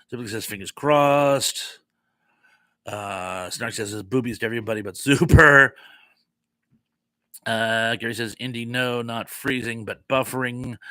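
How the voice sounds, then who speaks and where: Bright-voiced man hosting a live chat. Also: mid-range voice, dry recording. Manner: chatty, reads comments aloud, easily flustered. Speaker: live stream host. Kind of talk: casual live chat reading viewer comments.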